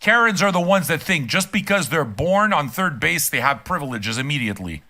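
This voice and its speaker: A man's voice: fairly high pitch, very animated, a little fast, sharp tone. An older man streaming a reaction and ranting casually from his room, profane, emphatic and heated. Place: home room.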